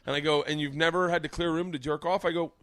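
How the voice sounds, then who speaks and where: A man's voice: fairly high pitch, rapid-fire, a little hiss or hum. A man hosting a podcast, telling stand-up stories in casual chat and acting out the people in them. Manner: animated, profane storyteller who acts out the people in his stories. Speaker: podcast host and comedian.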